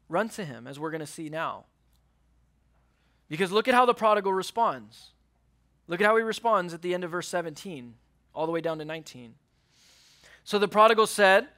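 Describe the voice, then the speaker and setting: A young man delivers an earnest youth sermon in a high, bright voice. He acts out the quotes in the scripture and drops to a near hush on key words. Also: fairly quick, pauses often. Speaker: youth pastor. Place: church youth service.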